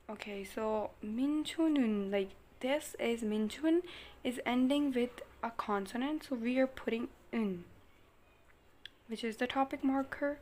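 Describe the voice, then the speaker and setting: A woman giving a casual online grammar lesson at home, explaining patiently with lots of "like" and "basically" and repeating her example phrases. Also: on the high side. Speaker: language teacher.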